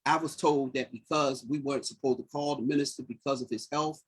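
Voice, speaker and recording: A man's voice: medium pitch, steady tone, a little fast, breathy edge. A middle-aged man telling his personal story as a podcast guest, earnest and moved, repeating phrases as he recalls what people said.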